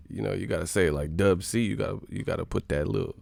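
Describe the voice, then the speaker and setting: A man with a Californian accent hosting a casual live stream, loud and joking, swearing and laughing a lot. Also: deep voice, quick pace, creaky, hardly any pauses, dry recording.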